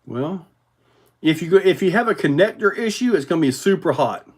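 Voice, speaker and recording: A man hosting a casual livestream, rambling in a relaxed way with many fillers while answering viewer comments. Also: fairly high pitch, fairly quick, husky. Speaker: RC hobby livestream host.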